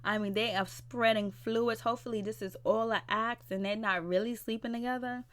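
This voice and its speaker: A woman's voice: fairly high pitch, steady tone, fairly quick, a bit bright. Chatty woman recapping a reality show. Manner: chatty, gossipy retelling. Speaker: TV recap vlogger. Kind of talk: casual episode recap.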